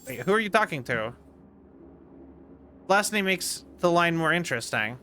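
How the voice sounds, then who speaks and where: A man's voice: a little high, lively intonation, normal speed, bright, forceful tone, slight background noise. A man streaming a game, chatting casually with viewers in a rambling, jokey way. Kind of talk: casual gameplay commentary.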